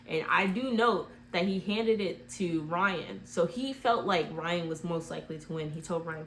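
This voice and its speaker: A woman's voice: fairly low pitch, normal speed, slight background noise. Rambling chatty woman retelling a movie. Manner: rambling, heavy use of "like" fillers.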